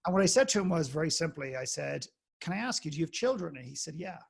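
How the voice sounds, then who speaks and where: Gravelly Irish man telling a story. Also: fairly high pitch, fast. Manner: animated anecdote-telling, acts out the people in his story. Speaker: podcast guest, inspirational speaker. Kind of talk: storytelling in a conversational interview.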